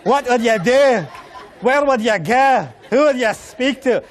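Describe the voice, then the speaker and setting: A man voicing a stern, bearded male preacher with a Scottish accent, speaking slowly and solemnly. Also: extremely high pitch, animated, slight background noise, voice pushed up. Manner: slow, solemn, dramatic delivery.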